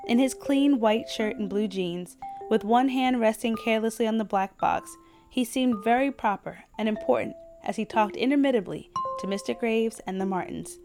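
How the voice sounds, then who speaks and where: A woman podcast host reads a short story aloud with steady, measured storytelling. Her voice sits at a middle pitch. Faint music plays in the background.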